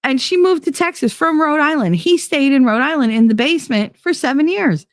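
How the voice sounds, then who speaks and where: A woman's voice: sits high, lively intonation, no echo, clean studio sound. A middle-aged woman hosting a podcast, telling a story in a blunt, profane, casual way and acting out both sides of each conversation. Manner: blunt, profane, quick to swear; acts out both sides of conversations in shifting voices. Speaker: podcast host.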